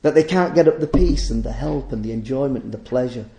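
A man's voice: medium pitch, fast, mellow, reverberant. A man preaching a sermon, emphatic and full of rhetorical questions.

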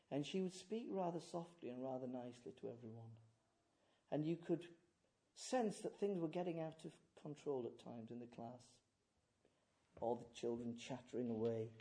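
A man preaching a sermon. He swings from hushed, near-whispered lines to loud, emphatic declamation. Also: mid-range voice.

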